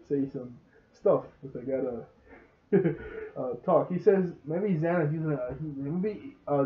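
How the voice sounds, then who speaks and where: Young guy w a recapping a cartoon episode, kinda high voice, rambly, sounds tinny like a phone. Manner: rambling, laughs often, acts out dialogue. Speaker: show reviewer.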